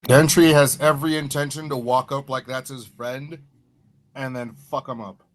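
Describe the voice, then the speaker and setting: Relaxed male player talking through moves. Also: mid-range voice, normal speed. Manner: relaxed, describes his moves with fillers. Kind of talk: casual tabletop game chat.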